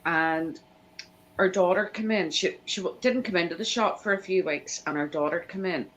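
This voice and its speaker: A woman's voice: on the low side, moderate pace, a little hiss or hum, low-quality recording. A woman, telling family anecdotes in a casual live chat and acting out the people she quotes. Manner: animated anecdote teller, acts out quoted voices.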